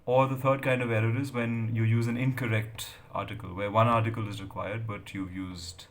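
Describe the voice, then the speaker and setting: A man's voice: lowish voice, little pitch movement, fairly quick. A middle-aged man, giving a lecture on academic writing with many fillers and checks of "right?". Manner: hesitant, many fillers and tag questions. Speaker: English lecturer.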